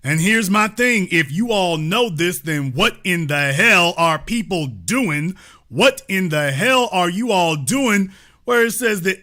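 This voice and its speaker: High, bright-voiced emphatic male host. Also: lively intonation, takes it slowly. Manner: emphatic, repeats points, asks pointed rhetorical questions. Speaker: commentary show host. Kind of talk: reading and commenting on news articles.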